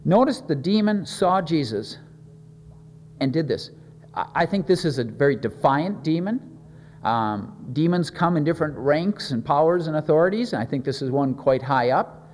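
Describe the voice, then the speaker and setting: A man's voice: on the high side, animated, moderate pace, darkish tone, long reverb tail, a little hiss or hum. A man preaching a sermon in an earnest way, often repeating words as he thinks and leaning on key words.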